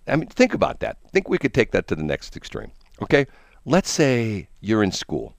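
A man hosting a morning radio show, joking and rambling in casual banter with halting repeats. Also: on the low side, sing-song, no echo. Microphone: studio mic.

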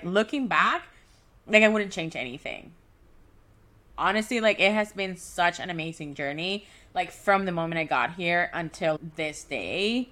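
Chatty Venezuelan-born woman podcaster, low-pitched. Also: a bit bright. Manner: chatty, heavy use of "like", restarts and laughs. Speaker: podcast host. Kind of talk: casual solo podcast monologue.

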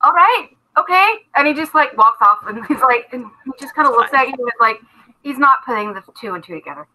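A woman's voice: high voice, lively intonation, brisk, sharp tone, poor audio. A woman narrating a tabletop game as game master, chatty, with many fillers and restarts.

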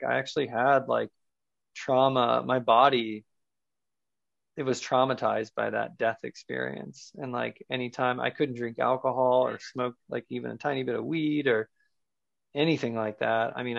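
A man's voice: mid-range voice, creaky, dry recording. A man as a podcast guest, earnestly recounting a personal experience in a searching way, loose with fillers. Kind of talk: personal storytelling in an interview. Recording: dull lo-fi sound.

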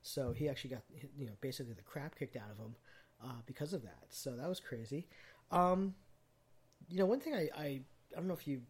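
A man in casual conversation, rattling off movie trivia between filler words. His voice has a husky, slightly breathy texture, sitting at an ordinary middle pitch. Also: brisk. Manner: chatty, trivia-filled, many ums. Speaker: podcast host.

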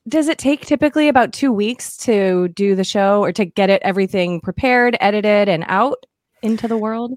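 A woman's voice: mid-range voice, normal speed, no room sound. A woman hosting a podcast, asking her guests curious questions in a casual chat. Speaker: podcast interviewer.

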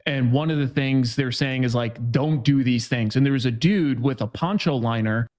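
A man's voice: medium pitch, normal speed, a little mellow. Laid-back joking man, casual podcast chat. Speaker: options trading guest expert.

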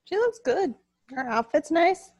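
A woman's voice: very high voice, very animated, measured pace, a little mellow, dry recording, highs cut off. A woman in casual conversation, chatty, asking questions and laughing along. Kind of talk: casual chat.

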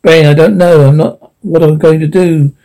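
A man's voice: a little high, fairly even intonation, moderate pace, warm tone, close to an everyday voice, poor audio. A man voicing a confused young sailor who stumbles over his words. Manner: hesitant, stumbling.

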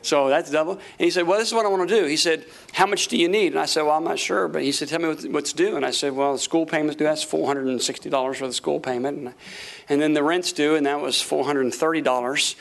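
A man preaching a sermon, telling a story with lively acted-out quotes and frequent laughter. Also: on the high side, quick pace, gravelly. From Florida. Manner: animated, acts out quotes, laughs often. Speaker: pastor.

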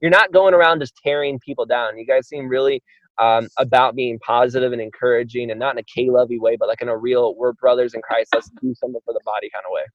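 A man's voice: mid-range voice, fairly even intonation, fast, no echo, muffled recording. A man talking casually as a guest on a podcast, an enthusiastic and chatty storyteller.

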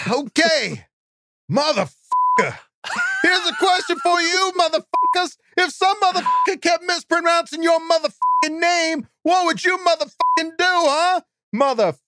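A man's voice: very high voice, wildly swooping pitch, a little slow, sharp tone, slight background noise, voice pushed up, exaggerated voice. A man doing an impression of a furious, foul-mouthed famous actor who swears in every sentence. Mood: ranting.

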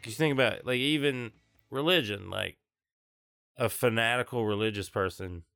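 A man's voice: medium pitch, normal speed, gravelly, a bit bright, faint music behind. A man from Tennessee, a comedian guest chatting casually and telling stories in a laid-back way. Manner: laid-back storytelling, jokes with big voiced bits. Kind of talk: casual chat.

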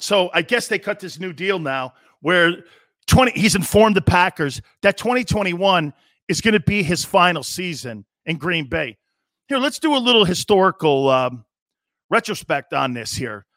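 A man's voice: sits high, normal speed, dry recording, clean studio sound. A middle-aged man hosting a sports radio show, brash and mocking as he rants in an opinionated monologue. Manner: brash, mocking, animated, puts on jeering voices.

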